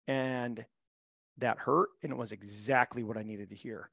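Gravelly guy coaching hard on a podcast, blunt and emphatic, dry close sound. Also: medium pitch, fairly even intonation, unhurried, fairly bright tone, no room sound. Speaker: mental performance coach, guest. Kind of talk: podcast interview, storytelling.

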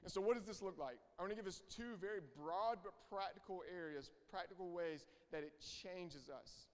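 A man's voice: sits high, moderate pace. A young man preaching a sermon, earnest and emphatic, repeating his key phrases. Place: church hall. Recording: reverberant hall.

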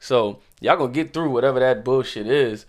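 A young man speaks at a quick clip. He is emphatic and slangy, and he keeps saying "you know what I'm saying" in a casual chat. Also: mid-range voice.

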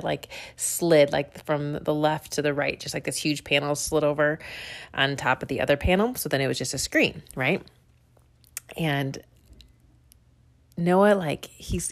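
Low-voiced woman telling a devotional story. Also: gravelly. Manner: chatty, laughing, many fillers and restarts. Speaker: mother sharing a devotional story.

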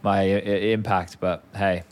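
A man's voice: sits low, flat delivery, normal speed. A man co-hosting a podcast, chatting casually and rambling with offhand swearing. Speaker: podcast co-host. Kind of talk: casual chat.

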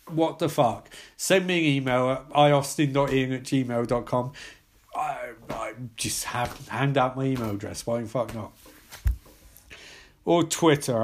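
A man's voice: medium pitch, moderate pace. A young man recapping a horror film, full of sarcastic, profane asides. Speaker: film reviewer.

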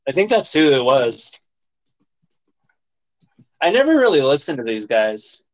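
A man's voice: medium pitch, sing-song, unhurried, rough recording. A man co-hosting a podcast, chatting casually and eagerly about songs, saying "yeah" and "like" a lot. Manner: enthusiastic, loose, says "yeah" and "like" a lot. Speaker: podcast co-host. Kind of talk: casual music chat.

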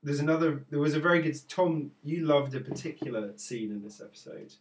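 A man co-hosting a podcast, retelling scenes in an enthusiastic, animated, casual chat. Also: on the high side, a little fast, recorded from a distance, slight background noise. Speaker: podcast co-host.

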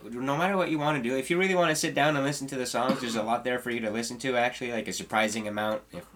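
A man's voice: medium pitch, fairly even intonation, rapid-fire, fairly bright tone. A man co-hosting a podcast, bantering crudely and joking while chatting about music. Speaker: podcast co-host. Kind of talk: casual chat about music.

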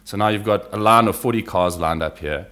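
A man with a notably deep, low voice speaks as a podcast guest. He tells his wildlife adventures in a relaxed, easygoing way, sinking into a hush over the quieter moments. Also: a little fast. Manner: relaxed, anecdotal, drops to a hush when describing wildlife. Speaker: podcast guest, reptile field explorer. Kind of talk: casual conversational storytelling.

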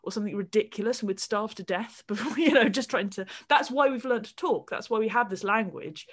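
A woman, co-hosting a podcast and explaining ideas with animated enthusiasm in casual chat. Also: mid-range voice, a little fast, crowd noise. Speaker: podcast co-host.

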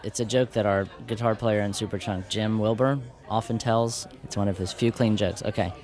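A man's voice: fairly low pitch, moderate pace. A man who is a musician, telling a joke casually as an anecdote. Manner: casual, relaxed storytelling. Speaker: musician guest.

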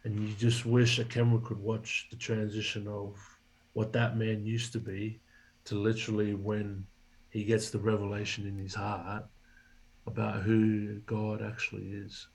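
A man's voice: fairly low pitch, monotone, measured pace, gravelly, a little mellow, husky, low-quality recording. A man, a guest in an interview, telling a story and acting out the dialogue he quotes. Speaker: podcast guest, former rugby league player.

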